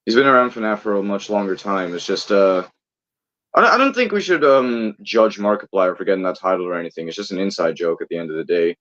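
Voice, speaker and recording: A man's voice: lowish voice, lively intonation, quick pace, fairly bright tone, dry recording. A man streaming and chatting casually with a friend, rambling, laughing often and swearing offhand. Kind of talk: casual chat. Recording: dull lo-fi dry mic.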